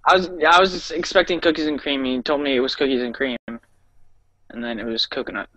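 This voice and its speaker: A man's voice: mid-range voice, steady tone, brisk, sharp tone, dry recording. A man on a podcast making short, matter-of-fact remarks in casual chat. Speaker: podcast panelist. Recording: dull dry mic sound.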